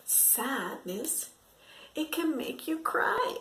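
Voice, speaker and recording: A woman teaching to preschool children through a story, speaking in an exaggerated, expressive way with gasps and whispered asides. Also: very high-pitched, extremely slow. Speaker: English teacher for young children.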